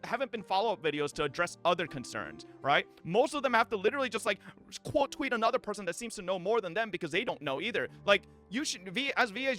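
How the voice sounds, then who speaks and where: A man streaming live, commenting on clips and talking to his chat in a profane, animated way with frequent laughs. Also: sits high.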